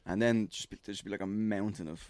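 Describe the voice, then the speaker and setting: A man co-hosting a podcast, chatting crudely and haltingly, with many "like"s. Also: fairly low pitch, steady tone, a little mellow, no room sound. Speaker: podcast co-host. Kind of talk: casual comedic chat.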